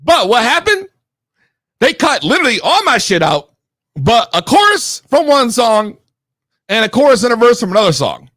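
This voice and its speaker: A man's voice: very high voice, big pitch swings, moderate pace, bright, forceful tone, no echo. A young man from Connecticut telling a story in a casual, profane, heated way, slangy and rambling. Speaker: podcast regular telling a story.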